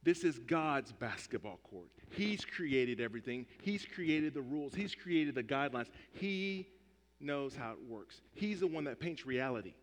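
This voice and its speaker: Lively, emphatic male preacher in a hall. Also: mid-range voice, measured pace. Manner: emphatic, repetitive, conversational. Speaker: pastor. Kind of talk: sermon. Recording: long hall reverb.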